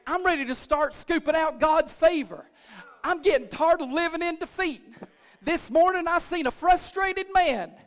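A male pastor preaching a sermon in church, building from low murmurs to shouted, rhythmic repetitions. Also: normal speed.

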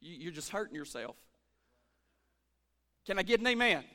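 A man preaching a lively church sermon as pastor, calling for amens and swinging between shouts and hushed asides. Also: high-pitched, normal speed. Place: church sanctuary.

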